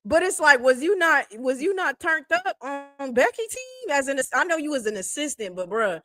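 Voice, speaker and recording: A woman co-hosting a casual live sports talk stream, animated and teasing, laughing often. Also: high voice, normal speed. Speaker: sports talk show co-host.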